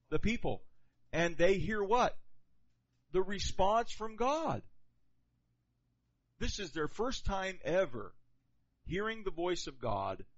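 A man delivers a sermon as a pastor, animated and conversational, putting questions to the congregation. His voice sits a bit high. The recording sounds dull and lo-fi.

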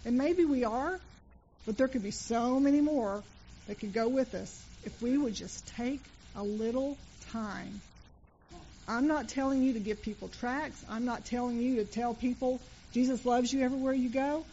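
Earnest woman preaching, slightly high voice. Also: normal speed, warm tone, lo-fi sound, slight background noise. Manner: conversational storytelling, earnest appeals. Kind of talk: sermon. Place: church sanctuary.

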